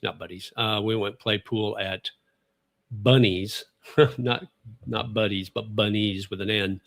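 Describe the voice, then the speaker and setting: A man's voice: on the low side, a bit bright. Chatty laid-back man hosting a livestream. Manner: rambling, chatty, laughs often, self-correcting. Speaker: livestream host. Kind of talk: casual chat, answering viewer comments.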